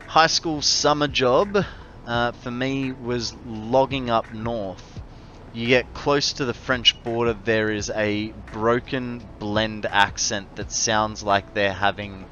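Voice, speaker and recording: A man's voice: lowish voice, pushed and bright. An Australian man streaming a game, chatting casually with viewers in a rambling, friendly way, over slightly muffled audio with faint music. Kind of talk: casual live-stream chat while gaming.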